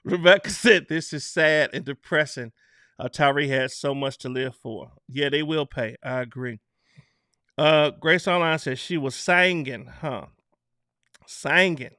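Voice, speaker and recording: A man's voice: a little high, measured pace, pushed and bright, smooth, dry recording, studio quality. A man hosting a casual live stream, reading out viewer comments in a loose, chatty way and laughing between them. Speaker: online show host.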